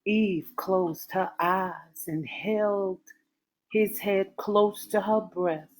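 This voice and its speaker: A woman narrating a romance novel aloud in a measured, expressive way. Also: medium pitch. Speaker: audiobook narrator.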